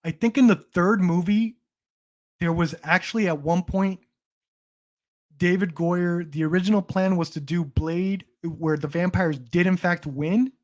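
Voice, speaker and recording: A man's voice: high-pitched, unhurried. A young man hosting a casual livestream chat about movies, rambling with frequent restarts and swearing. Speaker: stream host.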